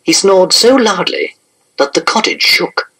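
A man reading a children's storybook aloud in an expressive, animated narration. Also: sits high, a little slow, breathy edge, low-quality recording.

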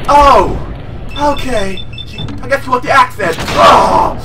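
A man giving excitable, joking let's-play commentary, often shouting. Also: very high voice, normal speed, distant mic. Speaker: gameplay commentator. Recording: set back from mic, music behind.

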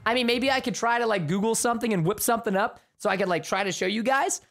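A young man giving live gameplay commentary as a streamer, excitable and chatty, with bursts of yelling at the game. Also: high-pitched, fast, gravelly. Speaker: gaming livestreamer.

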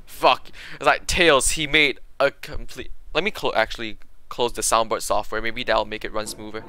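A man's voice: mid-range voice, fairly even intonation, moderate pace, pushed and bright, no echo. A young man streaming a frustrating game, chatting casually to viewers, rambling and groaning, with game music behind him. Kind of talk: casual gaming livestream chat.

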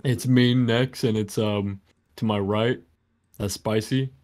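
A man's voice: on the low side, steady tone, takes it slowly, darkish tone. A young man co-hosting a casual late-night podcast over a voice call, joking around, laughing often and swearing casually. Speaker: podcast co-host.

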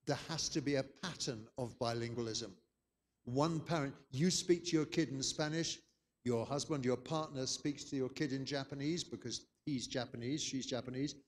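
A man's voice: mid-range voice, in a large hall, a little hiss or hum. An older man from England, giving a chatty, anecdotal conference lecture. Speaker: keynote speaker.

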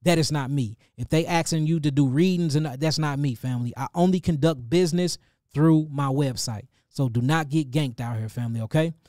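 A middle-aged man with a St. Louis accent hosts a casual livestream, giving animated, preachy shout-outs and calling his listeners family. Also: on the high side, fairly quick, dry recording, clean studio sound. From St. Louis, Missouri. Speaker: livestream host and healer.

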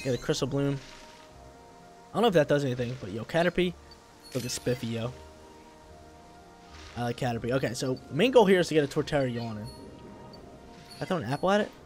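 A young man casually commenting while he plays a video game, laid-back and slangy, with sudden loud bursts of excitement. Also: medium pitch. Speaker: gameplay streamer.

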